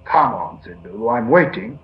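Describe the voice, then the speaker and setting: A man's voice: mid-range voice, lively intonation, normal speed, natural voice. A man reading the lines of a small nervous male hobbit who tries to sound bold and cheerful, on a slightly dull recording. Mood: forced bold.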